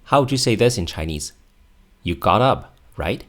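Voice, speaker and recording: A man teaching a video language lesson, explaining patiently and clearly, with example phrases. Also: low voice, lively intonation, moderate pace.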